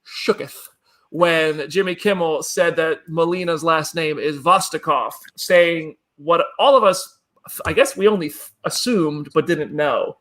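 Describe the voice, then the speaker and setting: Gravelly-voiced man hosting a chat show. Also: a little high, pushed and bright. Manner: chatty, reads viewer comments, throws questions to co-hosts. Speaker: podcast host. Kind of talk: casual chat.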